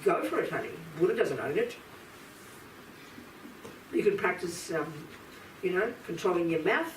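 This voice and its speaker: A woman's voice: on the low side, lively intonation, normal speed, slight background noise. Woman, Buddhist teacher, blunt, emphatic, recorded from afar, echoey room, faint ambience. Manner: blunt, emphatic, talks straight to listeners. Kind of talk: live dharma lecture to an audience. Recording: roomy hall from a distance, faint ambience.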